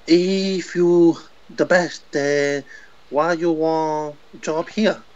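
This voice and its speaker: A man's voice: on the high side, fairly even intonation, extremely slow, darkish tone, lo-fi sound. A man voicing a blunt male workshop boss who speaks broken English, in a comedy podcast sketch. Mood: suspicious.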